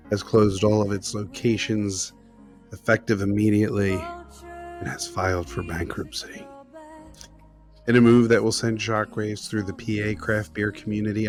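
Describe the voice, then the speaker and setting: A man with a low, flat voice reads beer news in a mock-solemn tone on a podcast. Faint music plays behind him. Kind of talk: casual chat, reading news.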